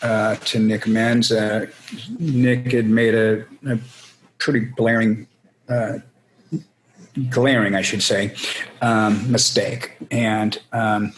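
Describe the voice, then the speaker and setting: A band frontman tells rambling, salty anecdotes in a casual storytelling interview, speaking slowly in a lowish, level voice. He swears freely and acts out other people's voices in quotes. The recording is rough, with slight background noise.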